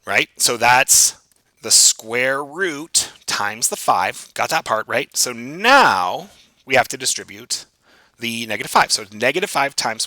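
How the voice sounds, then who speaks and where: A man's voice: mid-range voice, slow, no room sound, poor audio. A man teaching math in a recorded video lesson, working problems aloud and joking at his own expense as he writes. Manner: animated, self-joking, thinks aloud while writing. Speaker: math instructor.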